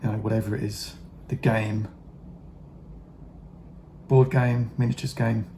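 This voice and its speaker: A middle-aged man talks in a slow, unhurried ramble as he paints models, trailing off into fillers and dry jokes. His voice is dark and mellow with a gravelly edge. A faint hum of room ambience sits behind him. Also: lowish voice, level tone. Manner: rambling, many fillers, wry asides and swearing. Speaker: hobby vlogger painting miniatures. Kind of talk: casual rambling chat while painting.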